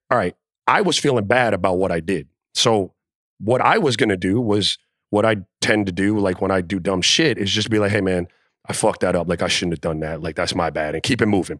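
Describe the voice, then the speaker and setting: A man telling a locker-room story in a casual podcast chat, animated and profane, acting out the quotes. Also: lowish voice, no room sound, clean studio sound. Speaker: podcast co-host, former NBA player.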